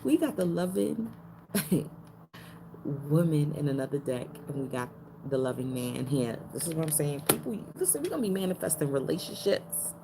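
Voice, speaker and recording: A woman giving a casual spiritual card reading, talking in slang and repeating her phrases, her pitch jumping up now and then for emphasis. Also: sing-song, moderate pace, background noise.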